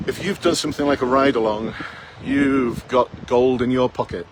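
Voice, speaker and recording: A blunt man in his fifties coaches would-be police recruits, firing off rhetorical questions in a challenging tone. His voice sits at an ordinary middle pitch. Faint town sounds and passing traffic hum behind him outdoors. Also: moderate pace. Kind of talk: direct advice to camera.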